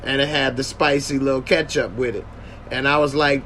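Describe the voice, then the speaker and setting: A man's voice: fairly high pitch, expressive, moderate pace, fairly bright tone, slight background noise. A man hosting a casual livestream podcast, joking and slangy while thanking his viewers. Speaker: podcast host.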